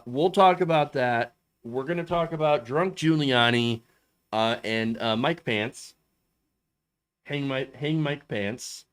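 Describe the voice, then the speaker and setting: A man hosting a casual political commentary show, goofy and self-mocking, halting often with fillers. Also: medium pitch, fairly bright tone. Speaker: host.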